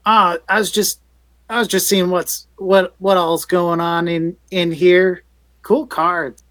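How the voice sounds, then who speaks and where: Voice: medium pitch, flat delivery, takes it slowly, fairly bright tone, no room sound. A player speaking in character in a tabletop game, hesitant with many fillers.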